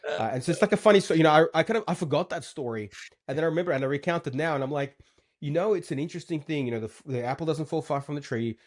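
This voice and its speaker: Fast-talking man. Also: on the high side, expressive, a little mellow. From Moldova. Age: 40s. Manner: rambling, many fillers and restarts. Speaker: guest entrepreneur. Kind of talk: casual interview chat.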